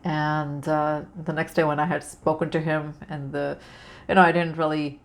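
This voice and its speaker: A woman's voice: low-pitched, little pitch movement, moderate pace. A woman hosting a spiritual advice video, talking casually to her viewers with lots of fillers and restarts. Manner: rambling, many fillers and restarts. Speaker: spiritual channel host.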